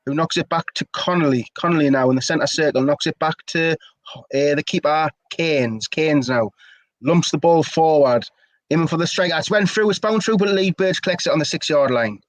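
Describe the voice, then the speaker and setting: A man's voice: fairly high pitch, moderate pace, no echo. A young man giving play-by-play commentary of a football match for a fan stream, talking loosely and steadily.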